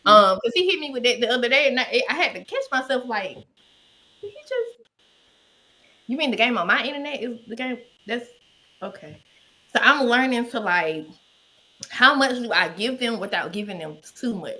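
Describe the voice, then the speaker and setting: Woman guest host, bright and sharp-toned, expressive and quick to laugh. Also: a little high. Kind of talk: casual chat.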